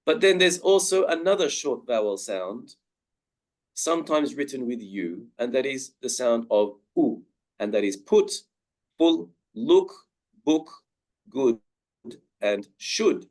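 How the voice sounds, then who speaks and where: A man presenting an online pronunciation lesson, stretching out each example word with care. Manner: drawn-out example words with lively pitch. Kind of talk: slow, careful pronunciation lesson.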